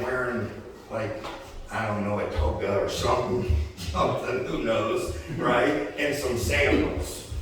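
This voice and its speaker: Folksy preacher in an echoing church. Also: male voice, medium pitch, a bit bright, a little hiss or hum. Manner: folksy, conversational, keeps asking "right?" and "okay?". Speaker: pastor. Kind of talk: sermon. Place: church sanctuary. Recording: echoey church hall from far off.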